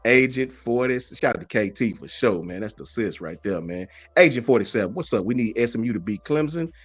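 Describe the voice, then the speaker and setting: A man hosts a casual sports talk show, calling out viewers and ranting in animated bursts. His voice sits in a middle pitch and comes through dry and close to the mic. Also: fairly quick, dry recording. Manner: animated, greets chat viewers, slangy.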